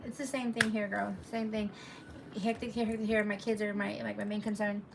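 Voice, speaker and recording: A woman's voice: mid-range voice, little pitch movement, brisk, gravelly, recorded from a distance, slight background noise. A woman telling a story casually on a live stream, rambling and chatty with lots of asides to her viewers, reading their comments aloud as she goes.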